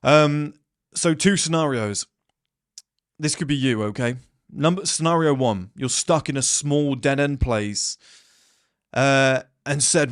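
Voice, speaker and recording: A man's voice: medium pitch, slow pace, no room sound, studio quality. A man giving a blunt, rambling casual monologue to camera, swearing freely. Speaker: self-improvement vlogger.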